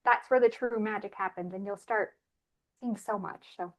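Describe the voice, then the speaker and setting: A woman who is a regular panelist, sharing a personal spiritual story in an earnest, animated way. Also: mid-range voice, normal speed. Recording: muffled lo-fi audio.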